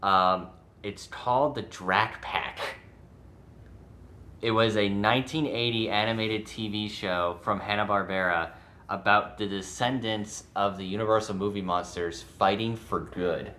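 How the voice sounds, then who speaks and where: A man's voice: lowish voice, steady tone, measured pace, pushed and bright. A man co-hosting a podcast in casual chat, rambling a bit as he reads out a show premise. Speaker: podcast co-host.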